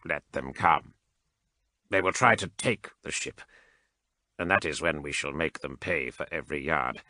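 Regulus, a cold cyborg adept with a very deep yet sharply bright, mechanized voice, as a man puts him on. He speaks slowly and precisely, calm and unfeeling, in a dry, close recording for an audiobook. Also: no room sound, full character voice. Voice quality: mechanized, emotionless.

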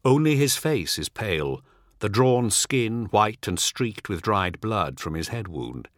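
A man giving a measured, dramatic audiobook narration. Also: fairly low pitch, big pitch swings, no echo, studio quality.

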